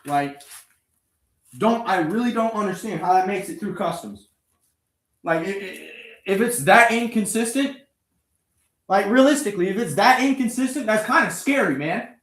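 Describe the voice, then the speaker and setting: Bright-ish, high and expressive, the man's voice moves at a moderate pace with long pauses and plenty of reverb. He's a motorbike vlogger wrenching on camera, delivering a profane, sarcastic, angry rant at an engine that won't fire, slightly out of breath and cursing constantly.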